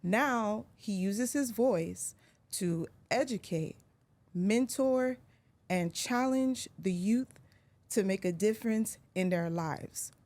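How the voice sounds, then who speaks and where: A woman's voice: mid-range voice, slow, darkish tone. A woman hosting a podcast interview in a playful, teasing manner. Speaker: podcast host.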